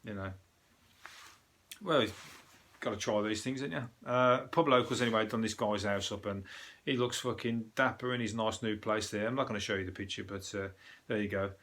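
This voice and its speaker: A lowish-voiced comedian from Birmingham, England, with a local accent hosts a casual comic news review at a moderate pace. His tone is steady and fairly bright, and he rambles, swears and sounds scornful.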